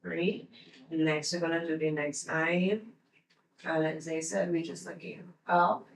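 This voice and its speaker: A woman vlogger talking through her makeup routine in a relaxed, chatty, step-by-step way, her eyes teary. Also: sits low, reverberant, distant mic, rough recording. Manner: slow, chatty step-by-step instructions. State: teary-eyed. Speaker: beauty vlogger. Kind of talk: casual makeup tutorial talk.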